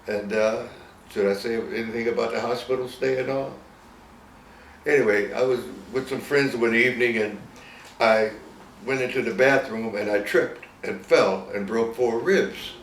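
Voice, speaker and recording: An interview captures a man in his eighties from Virginia, US, telling stories in a casual, rambling way and chuckling as he goes, with a Southern American accent. His mid-range voice moves at a normal speed. The roomy recording comes from a distant mic with faint noise.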